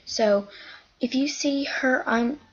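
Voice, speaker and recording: A woman's voice: sits high, slow pace. A woman in a casual vlog rant, rambling and agitated as she retells a quarrel. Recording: dull lo-fi home recording.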